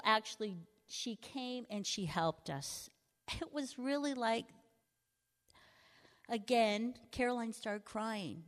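A woman's voice: on the high side, takes it slowly, fairly bright tone. A woman telling a mission trip story to a congregation. She laughs easily as she talks. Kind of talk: storytelling testimony. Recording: long hall reverb.

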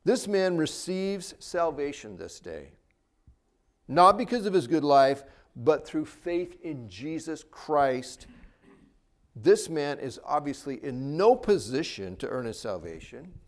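Male pastor, slightly higher-pitched voice; earnest sermon delivery with rising and falling emphasis. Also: sing-song, takes it slowly. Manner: earnest preaching, rises and drops for emphasis.

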